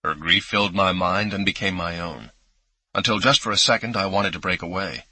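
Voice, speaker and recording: Bright, husky male audiobook narrator. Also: low-pitched, a little fast, no room sound, low-quality recording. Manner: intimate first-person storytelling. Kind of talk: scripted narration.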